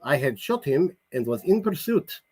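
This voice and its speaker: A man voicing a sharp-witted woman doctor. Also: a little high, very animated, husky, voice pushed up. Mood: firm. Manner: quick, pointed, lightly mocking. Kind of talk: reading his novel aloud.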